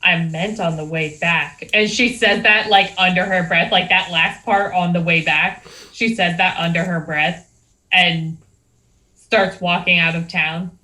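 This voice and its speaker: A woman's voice: on the low side, steady tone, measured pace, pushed and bright, poor audio. A woman playing a tabletop game, chatty and asking practical questions. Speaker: player.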